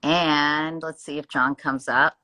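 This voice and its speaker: A woman hosting a casual live-streamed interview, chatty and quick to apologize for interrupting. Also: low-pitched, fairly even intonation, pushed and bright, poor audio. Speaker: host. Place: home room with Christmas tree.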